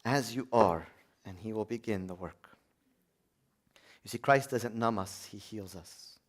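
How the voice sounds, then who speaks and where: A man preaching a sermon, swinging between loud, urgent high points and quiet, low asides. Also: unhurried, long pauses.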